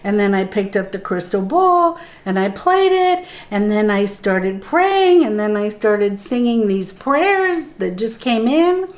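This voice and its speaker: A woman's voice: mid-range voice, very animated. A middle-aged woman, a spiritual guide, telling her own story earnestly in a conversation and acting out the dialogue as she goes. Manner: slow, earnest telling that replays dialogue in the moment. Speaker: spiritual guide and interview guest.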